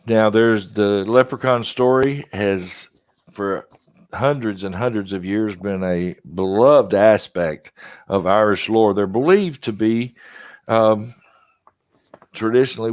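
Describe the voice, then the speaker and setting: A male podcast host with a lowish voice, recorded close and dry. He rambles through his points with plenty of ums and restarts, apologizing for himself along the way. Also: unhurried, no echo. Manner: rambling, self-deprecating, frequent fillers. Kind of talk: casual podcast chat.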